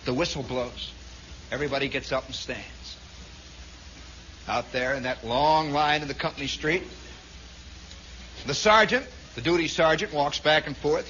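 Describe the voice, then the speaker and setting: A man's voice: on the high side, pushed and bright, slight background noise. A man from Indiana telling a long, rambling story on his radio show, full of asides. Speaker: radio host. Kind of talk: storytelling monologue. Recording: dull lo-fi 1960s radio broadcast.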